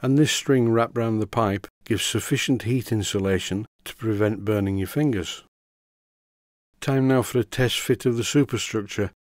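A Yorkshire man talks through a workshop tutorial in a steady, methodical way, with dry humour. His voice sits low, and the recording is close and dead dry with no room sound. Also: moderate pace, no echo. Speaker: model engineering tutorial presenter. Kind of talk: instructional voice-over.

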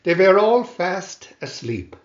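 A man reading a children's storybook aloud in a lively storytelling manner. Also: high-pitched, takes it slowly. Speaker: storybook reader. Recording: roomy, dull lo-fi home recording.

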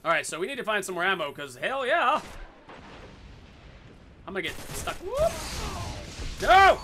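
A man giving goofy, excitable commentary over his own gameplay, swearing in silly made-up phrases. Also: high-pitched, moderate pace, noisy background.

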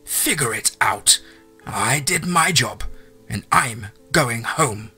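A man voicing a cranky old great aunt who speaks in a raspy, scolding voice. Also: medium pitch, animated, bright, forceful tone, faint music behind, voice pushed up, full character voice. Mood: dismissive. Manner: scolding, slow and gruff.

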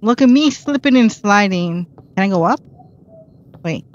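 A woman's voice: mid-range voice, expressive, a little slow, dull audio, a little hiss or hum. Chatty woman narrating her gameplay. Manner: chatty, self-mocking, reacts aloud to the game. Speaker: gameplay streamer. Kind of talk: casual let's-play commentary.

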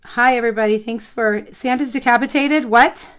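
A woman's voice: on the high side, normal speed, fairly bright tone, smooth. A woman hosting a live craft stream, chatting to viewers and telling a rambling story while she works.

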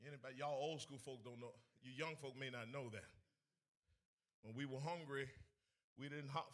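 A man preaching a sermon to a congregation, swinging between shouted, sing-song lines and hushed storytelling. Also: medium pitch, moderate pace, pauses often. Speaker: evangelist. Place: in front of a congregation.

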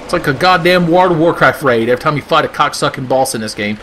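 Over gameplay, a gaming video host delivers sarcastic, profane comedic commentary, ranting and putting on silly voices. He talks fast in a slightly high, expressive, fairly bright voice, with slight background noise.

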